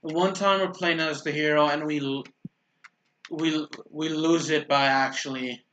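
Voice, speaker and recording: A man talking his way through a video game in loose, rambling commentary, stumbling over his words and taking things back as he goes. His voice sits a little high for a man and rings with a roomy echo. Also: fairly even intonation, a little slow, a bit bright, a little hiss or hum. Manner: rambling, self-correcting, stutters. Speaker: gaming YouTuber. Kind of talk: casual gameplay commentary.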